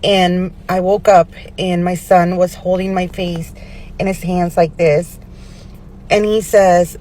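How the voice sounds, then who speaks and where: A mother calmly telling a soft-spoken story about her son. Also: on the low side, a little slow, a little hiss or hum. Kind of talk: casual storytelling.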